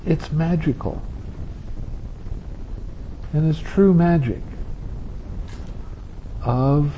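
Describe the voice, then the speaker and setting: A man giving a meditation talk, gentle and amused, who acts out his students' complaints. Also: mid-range voice, measured pace, lo-fi sound, noisy background. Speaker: meditation teacher. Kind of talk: dharma talk.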